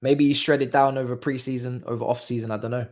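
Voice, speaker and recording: A young man hosting a live football watchalong, talking casually and breaking into excited exclamations. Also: medium pitch, fast. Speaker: watchalong host. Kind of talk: live match watchalong commentary.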